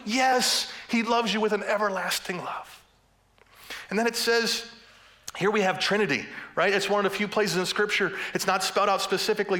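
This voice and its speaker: A man's voice: sits high, bright, forceful tone. A man preaching a sermon as pastor, passionate and building to fervent emphasis, with playful humor between points.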